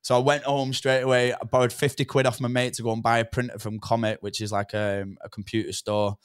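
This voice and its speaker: A man's voice: mid-range voice, flat delivery, brisk, clear, resonant tone, dry recording, studio quality. A young man telling a rambling story from his past, with swearing and lots of "do you know what I mean". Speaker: podcast guest. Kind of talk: casual storytelling.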